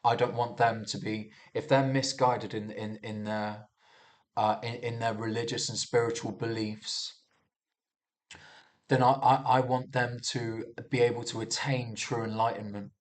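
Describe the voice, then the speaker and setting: Young guy, lowish voice, meandering swear-heavy news commentary, frequent restarts. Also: flat delivery, a little slow. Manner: restarts a lot, swears, muses aloud. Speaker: vlogger reviewing news. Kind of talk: casual rambling commentary.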